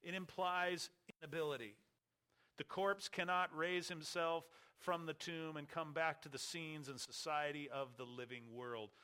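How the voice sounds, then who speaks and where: Male preacher, emphatic sermon delivery, slightly higher pitch, bright tone. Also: fairly even intonation, clear, resonant tone. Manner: emphatic, slows and stresses key words.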